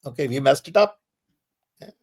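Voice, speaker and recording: An older man speaking as a guest in a relaxed question-and-answer session. He sounds insistent and emphatic, with his voice leaping up to drive each point home. His pitch sits in an ordinary middle range. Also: normal speed, gravelly, slightly rough. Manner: emphatic, insistent, sudden rises in pitch for stress. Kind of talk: conversational Q&A.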